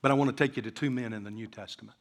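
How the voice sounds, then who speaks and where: A man's voice: mid-range voice, fairly even intonation, racing, long reverb tail. A man preaching a sermon to a congregation, acting out the voices of the people in his story. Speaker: pastor. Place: church sanctuary.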